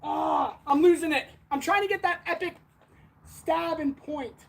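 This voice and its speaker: Lady with a high voice chatting on a livestream, kinda out of breath from swinging stuff around. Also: a little slow. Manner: winded, talking while swinging a sword; chatty, answers viewers directly. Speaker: blacksmith livestream host. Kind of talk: casual livestream chat.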